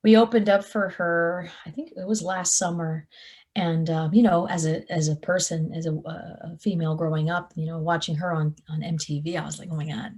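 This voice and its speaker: Young woman guitarist telling road stories, kinda low voice, acts out every quote. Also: normal speed. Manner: animated storyteller, acts out quotes. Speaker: touring guitarist, interview guest. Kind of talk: casual interview chat.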